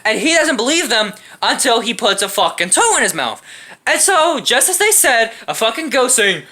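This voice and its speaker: A woman's voice: on the high side, sing-song, normal speed, bright, forceful tone. A young woman in a casual comedic movie rant, profane and sarcastic. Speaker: movie reviewer.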